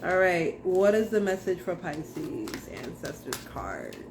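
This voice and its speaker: A woman's voice: lowish voice, big pitch swings, takes it slowly, background noise. A young woman giving a casual tarot reading to camera, blunt, slangy and profane as she talks straight to viewers. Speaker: tarot reader.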